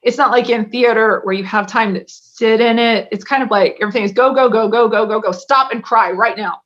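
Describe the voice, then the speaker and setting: Interview guest: woman, slightly high voice, chatty and quick to laugh; muffled lo-fi sound. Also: fairly bright tone. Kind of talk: casual interview talk. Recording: dull lo-fi audio.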